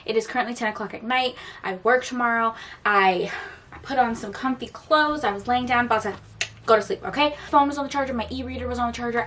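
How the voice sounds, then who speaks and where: A young woman with a fairly high voice talks straight to her viewers about books, gushing and excitable. Her chat is casual and quick to swear. It sounds like an easygoing vlog. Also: slight background noise. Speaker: book vlogger.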